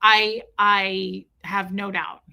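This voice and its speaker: A woman's voice: medium pitch, level tone, extremely slow, gravelly, lo-fi sound. A middle-aged woman hosting a livestream, talking candidly and with emotion while answering her chat. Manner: emotional, candid, talks straight to chat viewers. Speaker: livestream host reading chat.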